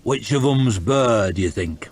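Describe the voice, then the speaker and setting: A man voicing an old grey-bearded Northman leader, slow and rumbling. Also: animated, slightly rough. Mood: amused.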